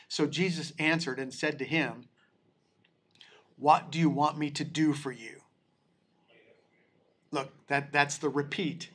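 A man teaching a church Bible study, his voice sitting a little higher than most men's. He reads scripture aloud at an unhurried, deliberate pace, then stops to explain it, often restarting his sentences as he goes. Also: a bit bright, husky. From United States. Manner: slow and deliberate, with many restarts.

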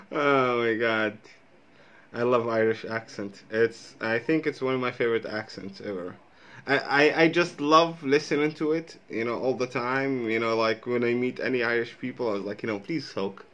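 A man's voice: medium pitch, brisk, fairly bright tone. A man from Jordan, a native Arabic speaker, hosting a reaction video in a chatty, filler-heavy way. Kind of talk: casual reaction commentary.

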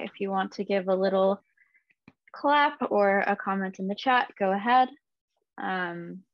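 A woman's voice: mid-range voice, dry recording. Woman hosting an online book launch. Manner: friendly, unscripted, with frequent ums. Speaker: event host. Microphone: video call. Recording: dry, dull lo-fi video-call audio.

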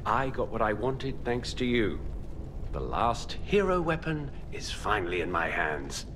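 Smug game villain, calm and gloating, voice swings a lot, noisy stream audio. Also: male voice, lowish voice, unhurried. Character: scheming man gloating as a villain. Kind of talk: video game cutscene dialogue.

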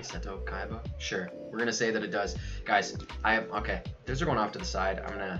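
A young man livestreaming a card unboxing, excitable and loud, saying yo over and over and laughing as he goes. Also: medium pitch, muffled recording. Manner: hyped, keeps saying yo, yells and laughs. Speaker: streamer unboxing trading cards. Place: his room at home.

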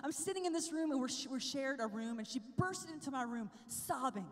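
A young woman giving an animated talk at a youth conference, telling her story, sometimes whispering and sometimes shouting. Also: high-pitched, fairly quick, few pauses. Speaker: conference speaker. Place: large hall. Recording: long hall reverb.

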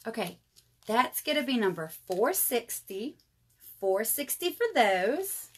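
A woman's voice: fairly high pitch, sing-song, slow pace, breathy edge. A woman, hosting a casual live jewelry sale and chatting to viewers. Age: 30s. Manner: chatty, addresses viewers as y'all. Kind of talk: casual live sales chat.

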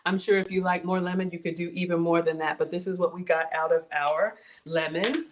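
A woman's voice: on the low side, fairly even intonation, a little fast, a little hiss or hum. A young woman from Georgia hosts a cooking livestream. She is bubbly and teacherly, walks viewers through each step and greets the chat. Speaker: cooking show host.

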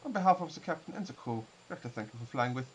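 A man's voice: medium pitch, expressive, racing, a little hiss or hum, close to an everyday voice. A man voicing an airline captain making a formal cabin announcement on arrival.

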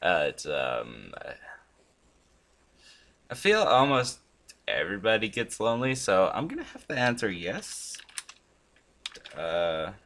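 Slow, rambling man with a lively voice. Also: low-pitched, a little hiss or hum. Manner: rambling, swears a lot, sudden loud outbursts. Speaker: gaming channel host. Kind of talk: casual commentary while playing a chatbot.

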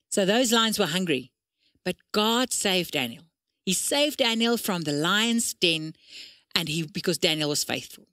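A woman telling a Bible story to children, animated and expressive as she reads and explains. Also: mid-range voice, no echo, clean studio sound. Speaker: children's church speaker.

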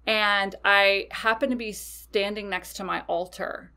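A woman's voice: medium pitch, fairly even intonation, measured pace, bright, forceful tone, smooth. A woman hosting a podcast, telling a personal story casually and animatedly, swearing freely. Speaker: podcast host.

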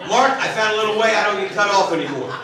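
A man's voice: high-pitched, expressive, fast talker. A middle-aged man doing live stand-up on a theater stage, chatty and self-mocking as he teases the audience. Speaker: stand-up comedian. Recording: echoey theater from far off with laughing crowd. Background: audience laughter.

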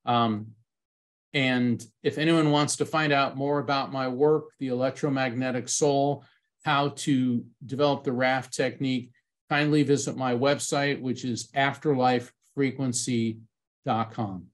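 A middle-aged man speaking as a medium at a conference, telling a personal story with lively acted-out moments. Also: mid-range voice, a little slow. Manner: animated storyteller, acts out quoted voices.

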